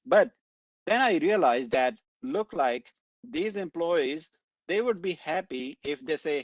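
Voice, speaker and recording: A man of middle pitch hosts a conversational interview. He talks in a relaxed, rambling way and leans on fillers. His voice sounds dull and lo-fi, with a dry, close feel. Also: measured pace, dry recording. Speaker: podcast host.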